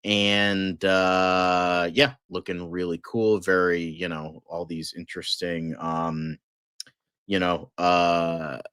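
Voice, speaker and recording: A man with a fairly low voice hosts a loose news livestream, chatting excitedly and swearing often. He rambles with plenty of fillers, and his voice sounds dry and close, with no room echo. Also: clean tone. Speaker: host of a fan news livestream. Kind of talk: casual livestream news chat.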